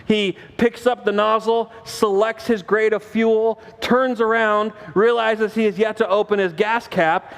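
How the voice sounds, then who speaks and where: A man in his forties preaching a sermon, telling a family story with animated acted-out dialogue and self-mocking laughter. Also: high-pitched. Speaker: pastor. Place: church sanctuary. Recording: long reverb of a church hall.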